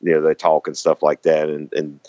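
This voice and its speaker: A man with a Southern American accent talks in a very low voice, rambling through casual conversation with plenty of fillers and restarts. The sound is dry and close. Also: monotone, normal speed, mellow, no echo, dull audio. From Southern United States. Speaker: guest. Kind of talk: casual chat.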